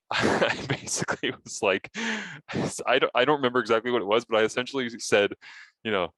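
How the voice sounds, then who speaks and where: A man co-hosting a casual sports podcast, telling animated stories and acting out his own broadcast lines. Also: fairly low pitch, moderate pace, dry recording. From Canada.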